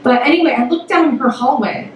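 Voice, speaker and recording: High-voiced woman telling a profane tale. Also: brisk, slight background noise. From Toledo, Ohio. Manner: profane, animated, acts out quotes. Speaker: storyteller. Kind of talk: live comic storytelling. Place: stage before a live audience. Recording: echoey hall, mic at a distance.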